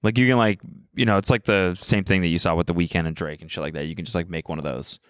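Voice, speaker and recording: A man's voice: sits low, steady tone, fast talker, fairly bright tone, clear, resonant tone, dry recording, studio quality. A man co-hosting a podcast in casual chat, laid-back and filling his talk with "like". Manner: laid-back, lots of "like" fillers. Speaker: podcast co-host.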